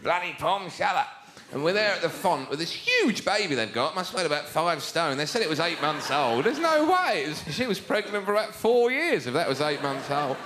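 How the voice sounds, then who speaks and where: A man's voice: on the high side, very animated, a little fast, few pauses, pushed and bright, a little hiss or hum. A man from England, telling stories in a wry stand-up routine. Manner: wry, storytelling. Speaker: stand-up comedian.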